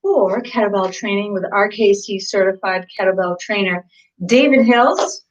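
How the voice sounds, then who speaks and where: A woman's voice: medium pitch, normal speed. Woman fitness coach, chatty and giggly, easy rambling delivery, heard from a distance on muffled lo-fi audio. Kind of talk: casual livestream chat. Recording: distant, dull lo-fi sound.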